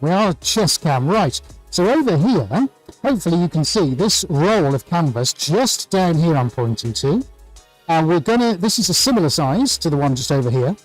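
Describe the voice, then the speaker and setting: A man's voice: a little high, very animated, normal speed, soft background music, poor audio. A man hosting a live painting tutorial from his art studio, chatting cheerfully and greeting viewers by name. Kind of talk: live-stream chat and demonstration.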